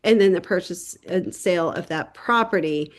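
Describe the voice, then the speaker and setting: A woman's voice: fairly low pitch, normal speed. A woman real estate agent giving a casual how-to tip, telling a story in a chatty way and acting out the people in it.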